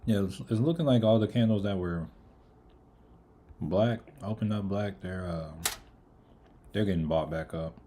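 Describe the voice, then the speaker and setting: Low-voiced man chatting through a livestream. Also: unhurried, long pauses, a little hiss or hum. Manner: relaxed, greets chat viewers by name. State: eating, mouth full of food. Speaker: livestream trader. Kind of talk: casual live market commentary.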